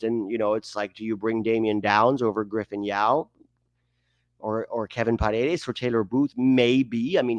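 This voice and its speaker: A man's voice: medium pitch, dry recording, studio quality. A man hosting a livestream, giving emphatic, opinionated sports commentary and often tossing in rhetorical questions. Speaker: host of a soccer livestream.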